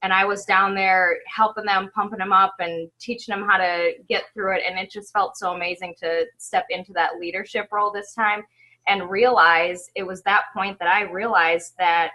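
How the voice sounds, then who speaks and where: A woman on a video call giving a heartfelt, halting recap of an event from home, stopping often to apologize. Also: medium pitch, steady tone, pushed and bright, rough recording. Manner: emotional, halting, tearful at times, apologizes often. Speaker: event attendee sharing a recap.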